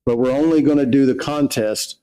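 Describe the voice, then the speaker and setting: A man's voice: medium pitch, a little fast, mellow, clear, resonant tone, rough recording. A man co-hosting a casual livestream, reading viewer questions aloud and explaining distilling in plain terms. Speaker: livestream co-host.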